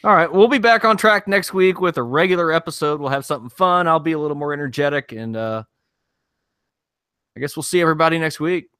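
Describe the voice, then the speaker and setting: A man's voice: a little high, lively intonation, fast, pushed and bright, smooth, no echo, clean studio sound. A man in his thirties co-hosting a podcast, laid-back and casually profane, laughing often. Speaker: podcast co-host. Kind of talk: casual chat.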